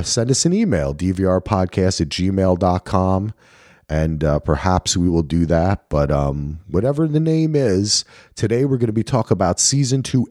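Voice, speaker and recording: A man's voice: deep voice, darkish tone, no room sound, studio quality. A man hosting a casual podcast, rambling and upbeat as he introduces guests and plugs the show. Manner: upbeat, rambling host patter. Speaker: podcast host.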